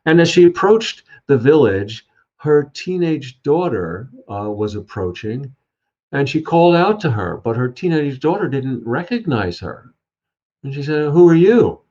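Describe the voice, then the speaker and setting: A man's voice: medium pitch, very animated, a little slow, a little mellow. A man telling an old folk tale and reflecting on it, speaking unhurriedly with many fillers and restarts. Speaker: storyteller and speaker. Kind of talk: reflective spiritual talk. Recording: dull lo-fi sound.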